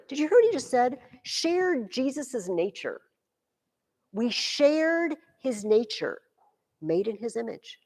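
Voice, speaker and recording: A woman teaching a high school class, explaining with energy and acting out quotes dramatically. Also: long reverb tail. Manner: lively, acts out quotes dramatically. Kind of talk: classroom lecture.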